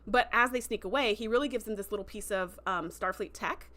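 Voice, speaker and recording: A woman's voice: mid-range voice, a little fast, a bit bright. A woman hosting a casual livestream review, telling the story in an emotional, chatty way and acting out the quoted lines in voices. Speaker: host.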